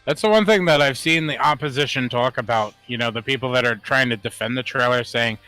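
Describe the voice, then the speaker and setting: A man co-hosting a casual podcast, talking in an animated way, swearing and laughing often. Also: fairly quick, dry recording, faint music behind. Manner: animated, swears, laughs often, rising pitch when worked up. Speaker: podcast co-host. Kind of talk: casual chat.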